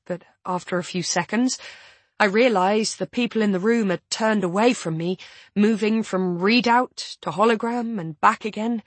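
A woman narrating a first-person novel in a measured, intimate storytelling manner. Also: medium pitch, no echo. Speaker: audiobook narrator.

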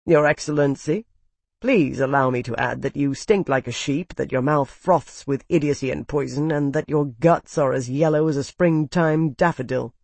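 A narrator voicing a shrewd male advisor who speaks calmly and precisely, quietly cutting. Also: mid-range voice, moderate pace, vocal fry, dry recording. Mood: composed.

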